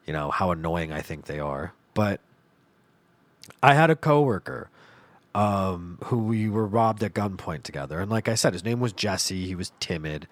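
Animated, profane male storyteller. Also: low-pitched, moderate pace, no echo. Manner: animated, profane, laughs through his story. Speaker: podcast host. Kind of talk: comedic storytelling monologue.

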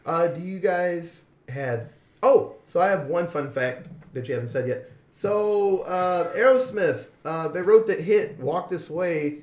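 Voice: mid-range voice, a little slow. Laid-back podcast co-host in a roomy space. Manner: relaxed, lots of "like" and laughs. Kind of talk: casual chat. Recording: roomy echo.

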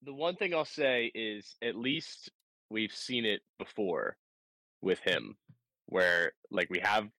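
Low-voiced dude on a sports podcast, wry and measured, bright tone. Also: male voice, lively intonation, dry recording, rough recording. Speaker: podcast co-host. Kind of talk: casual sports chat.

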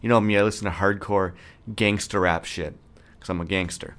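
Man in his thirties, podcast host, low-pitched, profane sarcastic rant, fairly monotone. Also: brisk, clear, resonant tone. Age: 30s. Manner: self-described monotone delivery. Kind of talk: casual solo podcast rant.

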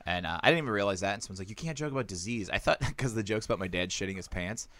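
A man's voice: sits low, racing, fairly bright tone. A man, a stand-up comedian, telling crude stories in casual podcast chat, laughing often.

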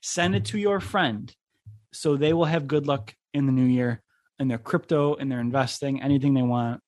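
A man's voice: medium pitch, normal speed, a little mellow, no room sound. A young man from near Buffalo, New York, hosting a podcast in a rambling, casual way, full of fillers and swearing. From Buffalo area, New York. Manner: rambling, lots of "like" fillers, profane. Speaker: podcast host. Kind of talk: casual chat.

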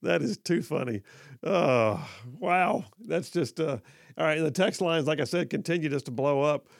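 A man's voice: fairly high pitch, normal speed, vocal fry, dry recording, studio quality. A man hosting a casual talk radio show, chatty and full of fillers. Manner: chatty, hesitant with many fillers.

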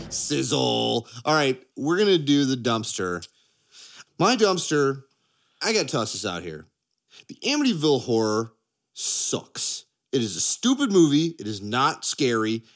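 Male podcast co-host, excitable, ranty, mid-pitched voice. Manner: excitable, ranting, laughs often. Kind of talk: casual chat.

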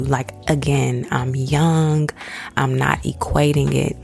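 A woman in her thirties tells a personal story in a relaxed, chatty way. Her voice sits low and has a gravelly edge, and she often drops into a hushed near-whisper. Soft music plays faintly underneath. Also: a little slow. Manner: conversational, addresses listeners as y'all, acts out quoted voices.

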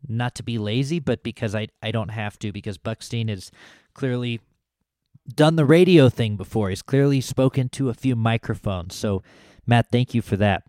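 A male podcast host chatting casually straight into a close microphone, with a warm, dark tone. The sound is dry and intimate, and he stumbles into small restarts as he rambles on in a self-deprecating way. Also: mid-range voice, normal speed, no echo. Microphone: close studio podcast mic.

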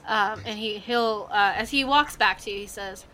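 A woman running a tabletop game, her bright voice wandering through fillers and restarts. A faint hiss sits under the recording. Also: medium pitch, moderate pace. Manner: loose, hesitant, many fillers. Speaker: game master.

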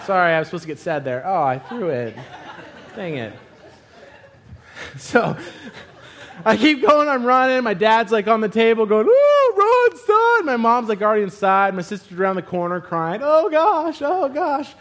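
Man, high voice, animated storyteller, sermon, bursts of loud exclamations. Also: normal speed, pauses often. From Arizona. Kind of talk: sermon with a comic personal story.

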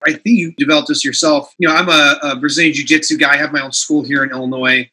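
A man's voice: on the high side, steady tone, quick pace, sharp tone, husky, rough recording. A man hosting a casual interview, who runs his own grappling school and reacts eagerly to his guest. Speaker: host, jiu-jitsu school owner.

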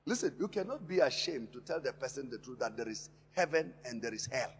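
A man preaching a sermon in a church, impassioned, swinging between quiet asides and loud emphatic lines and repeating words for stress. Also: medium pitch, lively intonation, fairly quick. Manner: impassioned preaching with sharp rises and drops in loudness. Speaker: pastor. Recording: long hall reverb in a church.

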